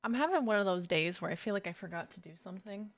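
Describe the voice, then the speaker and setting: A woman's voice: mid-range voice, lively intonation, fast. A woman streamer in casual live chat, playfully greeting viewers by name. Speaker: gaming streamer.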